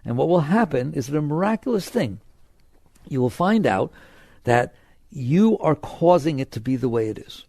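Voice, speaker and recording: An older man giving an informal spiritual talk, conversational and full of rhetorical questions, swinging between emphatic and quiet. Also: fairly high pitch, big pitch swings, moderate pace, gravelly, no echo, clean studio sound. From United States. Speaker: spiritual teacher.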